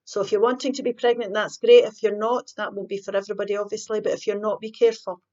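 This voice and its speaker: A woman's voice: mid-range voice, flat delivery, fast talker, darkish tone, muffled recording. A woman hosting a casual tarot card reading, chatting and thinking aloud as she pulls the cards. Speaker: tarot reader.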